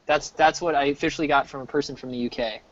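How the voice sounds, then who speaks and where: An American man in his thirties talks casually in a fairly high voice, rambling and often restarting his sentences. The sound is dry and a bit dull, as from a cheap desk mic. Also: fairly even intonation, fast talker, dry recording. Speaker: streamer. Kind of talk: casual chat.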